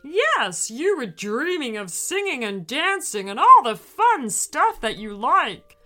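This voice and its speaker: A woman's voice: high-pitched, very animated, takes it slowly, pushed and bright, faint music behind, voice pushed up, exaggerated voice. A woman voicing a cheerful, singing old magical car in a children's story, bouncy and sing-song.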